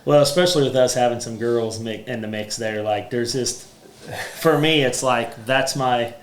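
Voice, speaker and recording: A man's voice: mid-range voice, normal speed, slight background noise. Rambling Midwestern man in echoey room. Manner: rambling, many fillers and restarts. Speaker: podcast host, roofing business owner. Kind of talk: casual chat. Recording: roomy echo with faint ambience.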